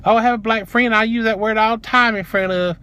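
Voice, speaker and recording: A man's voice: high voice, steady tone, fast, pushed and bright, smooth, voice pushed up. A man voicing a young woman store clerk who brushes things off casually. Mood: dismissive.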